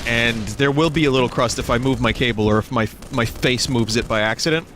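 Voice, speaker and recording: A man's voice: mid-range voice, fairly quick, fairly bright tone, a little hiss or hum. A man streaming a video game, chatting casually and jokingly, with rambling, self-interrupting talk into a desk microphone. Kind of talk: casual gaming livestream chat.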